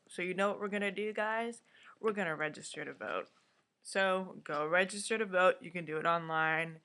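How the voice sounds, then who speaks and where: A woman with a voice deep for a woman, recapping a TV episode in a blunt, profane, chatty vlog style. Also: moderate pace, bright, forceful tone, clear, resonant tone. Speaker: vlogger.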